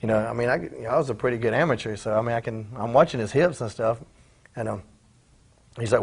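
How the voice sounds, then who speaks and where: Man in his forties, ex-wrestler guest, quick husky delivery, salty language, acts out other people's lines. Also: medium pitch, darkish tone. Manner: profane, acts out quoted voices in his stories. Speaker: former pro wrestler, interview guest. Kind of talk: casual storytelling in a shoot interview.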